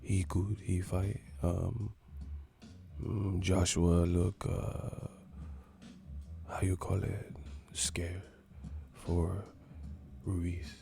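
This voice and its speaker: Man imitating a retired boxer, hushed whisper, slow, hesitant ums, low voice, gravelly edge. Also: level tone, exaggerated voice. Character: impression of a soft-spoken retired boxer, man.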